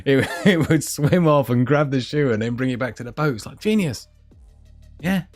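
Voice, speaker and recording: A man's voice: medium pitch, lively intonation, normal speed, soft background music. A man hosting a live stream, chatting casually and rambling, often losing his thread mid-sentence. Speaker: livestream host.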